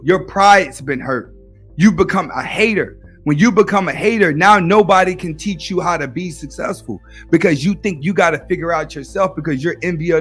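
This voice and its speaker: A man's voice: fairly high pitch, a bit bright. A young man in a casual, preachy monologue, giving advice and repeating his points. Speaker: YouTube commentator.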